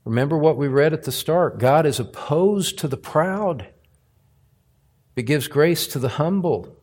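A man preaching from the pulpit in a somewhat high voice, unhurried and deliberate. He leans on key words with earnest emphasis and lets his phrases land one at a time. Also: animated, a little mellow, slightly rough. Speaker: pastor. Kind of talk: sermon.

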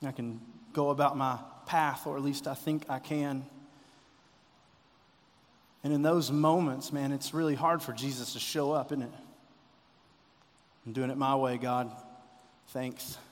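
A man preaching a sermon as pastor, impassioned, rising to loud cries when he voices a quoted prayer. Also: mid-range voice, steady tone, normal speed, in a large hall.

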